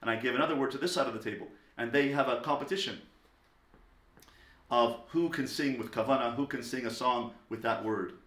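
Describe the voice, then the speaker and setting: A man giving a lecture on parenting, talking emphatically and swinging between loud stressed words and soft low asides. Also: fairly quick. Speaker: parenting teacher. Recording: echoey room.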